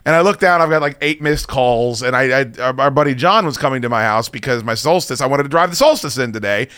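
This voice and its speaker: A man in his thirties tells a long, rambling story on a podcast, swearing at every turn. He mocks himself throughout. His voice sits at an ordinary middle pitch, and the recording is dry and close. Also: fast, fairly bright tone, clear, resonant tone, no room sound. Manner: rambling, swears constantly, self-deprecating. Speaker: podcast host. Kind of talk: casual profane storytelling.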